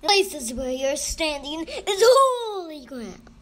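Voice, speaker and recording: A woman voicing God speaking from a burning bush, loud, slow and commanding in a children's Bible story. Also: sits high, very animated, slight background noise, pitched above the performer's own voice, heavily acted.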